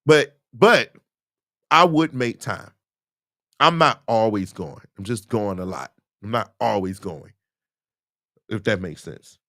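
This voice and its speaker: A man's voice: fairly low pitch, slow, long pauses, dry recording, clean studio sound. A man hosting a casual Q&A livestream, talking emphatically and animatedly about music and dating. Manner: animated, emphatic, preachy asides. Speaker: host, musician.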